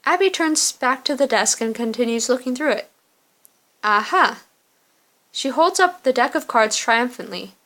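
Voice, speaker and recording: A woman narrates a story game in a plain, steady read. Her voice sits a little high. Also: normal speed, few pauses. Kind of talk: fan reading of a story game.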